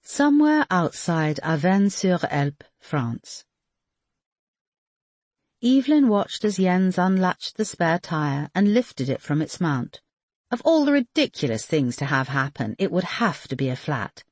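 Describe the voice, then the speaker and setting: A woman narrating a thriller audiobook in a steady storytelling manner. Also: on the low side, measured pace, no echo. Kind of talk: scripted narration.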